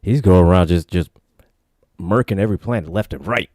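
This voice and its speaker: A man's voice: deep voice, a little fast, darkish tone, no echo, studio quality, lightly acted. A man voicing a disheveled stranger who rambles urgently in slang, begging for help.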